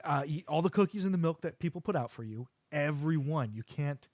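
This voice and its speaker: A middle-aged man hosting a podcast, chatting casually with his son and retelling cartoon scenes with quick quoted voices. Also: a little high, expressive, a little mellow, no echo. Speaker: podcast host.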